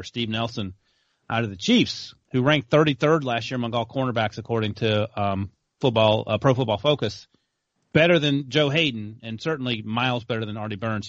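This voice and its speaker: A man's voice: medium pitch, fairly quick, a bit bright, no room sound. A man co-hosting a casual sports show, chatty and correcting himself as he goes. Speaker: sports podcast co-host. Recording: dry muffled lo-fi audio.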